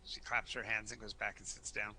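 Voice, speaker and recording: Male game master, very bright tone, stammery live storyteller. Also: lowish voice, flat delivery, fairly quick, slight background noise. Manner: stammering, repeats words, storytelling. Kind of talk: narrating a live tabletop game.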